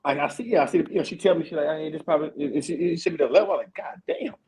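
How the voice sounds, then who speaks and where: Swearing, fast-chatting veteran host. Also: male voice, on the high side, rough recording. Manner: profane, animated storytelling with many repeated fillers. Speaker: podcast host, army veteran. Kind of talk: casual chat.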